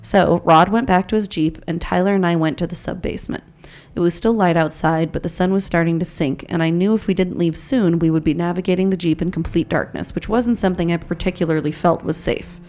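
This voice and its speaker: A woman's voice: fairly low pitch, steady tone, a little fast, a little mellow. A woman podcast host reading a listener's true ghost story aloud, with chatty asides to her co-hosts. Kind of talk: story reading and casual chat.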